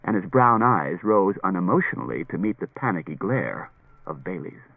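A man's voice: low voice, big pitch swings, moderate pace, vocal fry, slightly rough, dry recording, phone-quality sound. A man reading a novel aloud as an audiobook narrator, telling the story expressively. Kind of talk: scripted narration.

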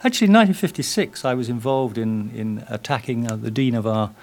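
A man's voice: mid-range voice, fast, darkish tone. An older English man talking in an interview in a rambling, self-deprecating way, with many fillers. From England. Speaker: guest, writer. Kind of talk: interview with reading.

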